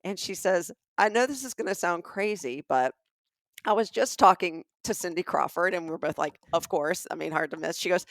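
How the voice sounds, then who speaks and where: Middle-aged Southern woman, comic podcast storyteller, slightly low voice. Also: moderate pace, dry recording, clean studio sound. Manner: animated, acts out the dialogue of people in her stories. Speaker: podcast co-host. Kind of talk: comedic storytelling.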